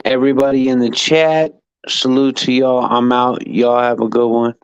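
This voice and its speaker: A laid-back man hosting a livestream podcast, calling out friendly shout-outs as he leaves. He speaks in a flat, even tone with a smooth, resonant voice. The sound is dry and a little muffled. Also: mid-range voice, moderate pace, dry recording. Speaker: podcast host. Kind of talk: casual livestream sign-off.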